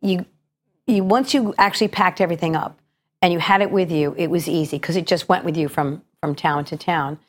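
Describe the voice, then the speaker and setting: A middle-aged woman who works as a stage actress and cabaret singer, a guest on a radio show. Her fairly low voice carries a slight gravel today, and she talks in a chatty, reflective way, often starting sentences over. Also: a little fast. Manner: chatty, reflective storytelling with frequent restarts. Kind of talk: radio interview.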